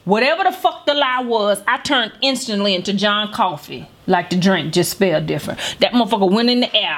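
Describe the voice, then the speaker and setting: A woman's voice: medium pitch, expressive, brisk, few pauses, fairly bright tone. Blunt, profane woman storyteller. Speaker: podcast host. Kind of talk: comedic storytelling. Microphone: studio microphone.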